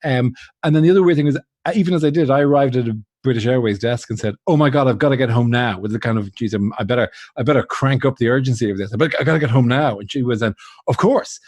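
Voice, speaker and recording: A man's voice: medium pitch, fast talker, a little mellow, dry recording. Rambling self-mocking man, dry sound. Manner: rambling, self-mocking storytelling with frequent laughs and restarts. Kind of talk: casual chat on a charity livestream.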